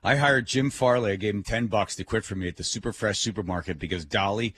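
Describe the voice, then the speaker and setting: A middle-aged man co-hosting a radio talk show, telling stories with lively, animated delivery. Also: quick pace, slight background noise. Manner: animated storyteller, voices climbing high in acted quotes. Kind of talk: casual radio banter.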